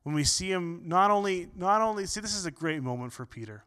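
A male pastor delivers a sermon in an earnest way, often doubling his words. His voice swings between loud and soft. It sits a little high, and the tone is smooth and resonant. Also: expressive, a little fast.

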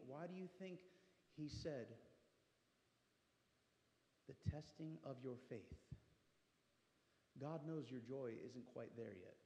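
A man in his thirties preaching a passionate sermon as pastor, swinging between hushed and loud delivery. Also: mid-range voice, slow, long pauses. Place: church sanctuary. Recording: echoey church hall.

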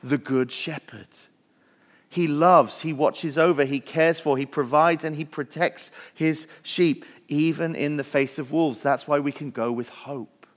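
A man's voice: on the high side, steady tone, measured pace, hardly any pauses, big-room sound. A male pastor preaching a sermon in a church, earnest and building lists with rising emphasis. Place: church sanctuary.

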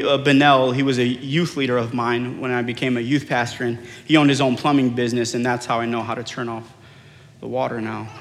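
A middle-aged male pastor preaching a sermon, telling personal stories with animated acted-out dialogue. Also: mid-range voice. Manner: animated storyteller, acts out quoted dialogue. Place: large church hall. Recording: long hall reverb.

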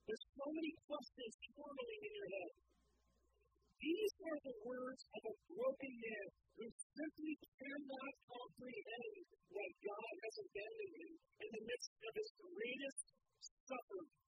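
A woman's voice: very high-pitched, very animated, a little slow, no echo. A woman teaching a sermon on a psalm, earnest and pleading, asking her listeners rhetorical questions. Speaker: Bible teacher. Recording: dry, dull lo-fi recording.

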